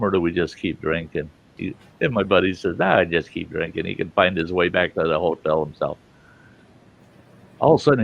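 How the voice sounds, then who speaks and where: A man's voice: low voice, gravelly, dull audio. A man telling a rambling, profane anecdote in a casual, chuckling way, as the host of a storytelling show.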